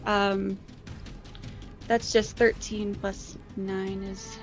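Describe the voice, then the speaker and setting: A woman's voice: medium pitch, level tone, very slow, faint music behind. Giggly woman playing a tabletop game. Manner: cheerful, giggly, fumbles with numbers. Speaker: player.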